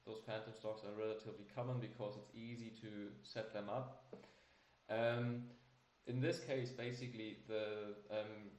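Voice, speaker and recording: A man moderating a webinar presentation, speaking haltingly with many filler sounds. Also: on the low side, level tone, darkish tone. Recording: roomy echo.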